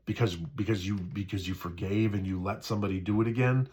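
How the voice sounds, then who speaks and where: A man's voice: fairly low pitch, fairly even intonation, brisk, a little mellow. A man in a casual spiritual talk, speaking conversationally, repeating himself, often asking "right?" and acting out the voices in people's heads. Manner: acts out quoted inner voices.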